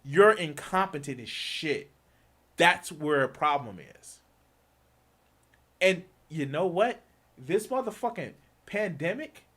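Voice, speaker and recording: A man rants on a live stream, heated and profane, circling back on his own words as he builds up steam. His voice sits a touch high and swings widely up and down as he presses each point. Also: a bit bright. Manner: heated, swearing, repeats himself, mocking quoted voices. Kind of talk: profane political rant.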